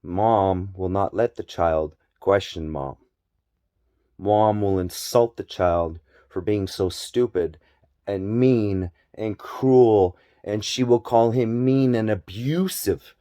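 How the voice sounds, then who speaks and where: A man's voice: on the low side, slow pace, dark tone, clear, resonant tone, dry recording, studio quality. A man talking straight to his audience in a personal vlog, emphatic and repetitive, swearing openly. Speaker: vlogger. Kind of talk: personal monologue on family abuse.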